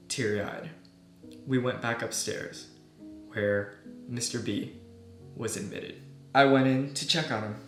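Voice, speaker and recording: Young male med student, mid pitch, reflective and soft-spoken, quiet guitar bed, roomy echo. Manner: soft-spoken, earnest, often trailing off quietly. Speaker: medical student vlogger. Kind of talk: reflective personal storytelling. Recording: echoey room with soft guitar music.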